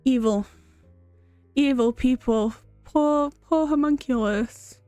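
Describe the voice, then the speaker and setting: A young adult woman streamer giving casual, expressive commentary and reacting to a game. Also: sits high, takes it slowly, dry recording, faint music behind.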